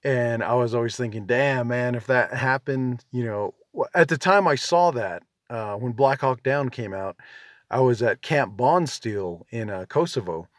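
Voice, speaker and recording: A man's voice: medium pitch, measured pace, no room sound, clean studio sound. A man in his forties, a veteran hosting a podcast, rambling in a casual, self-deprecating monologue full of "you know" and "um". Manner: laid-back, self-deprecating.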